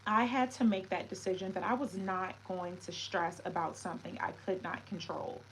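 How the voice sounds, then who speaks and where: A woman's voice: on the low side, fairly even intonation, normal speed, hardly any pauses, low-quality recording. A woman hosting a casual livestream, talking reflectively to her viewers and greeting them with French words. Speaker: livestream host.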